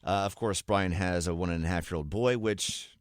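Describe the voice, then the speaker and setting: A man's voice: low-pitched, normal speed, dry recording, studio quality. A man in his thirties hosting a morning radio show, chatting casually and telling stories with frequent laughter. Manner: animated storytelling, laughs often. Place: radio studio. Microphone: studio microphone.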